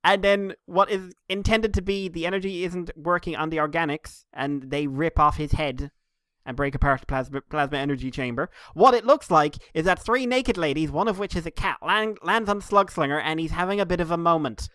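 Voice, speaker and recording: A man's voice: a little high, fairly quick, fairly bright tone, clean tone, dry recording, clean studio sound. A man co-hosting a casual podcast, recapping comics in a rambling, laughing way. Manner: rambling, laughing, with jokey quoted voices. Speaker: podcast co-host.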